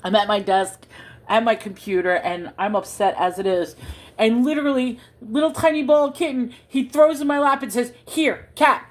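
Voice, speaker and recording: Speaking into her phone from home, a woman hosts a casual livestream, rambling to viewers and chatting to her cat. Her voice is a little high, steady in tone, at normal speed.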